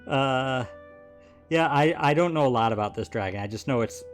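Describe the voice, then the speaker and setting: A man's voice: mid-range voice, animated, moderate pace. An easygoing male streamer chats with his co-player while getting the game going. His voice sits in a plain middle range, with faint game music behind him. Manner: easygoing, chatty. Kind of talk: let's play banter.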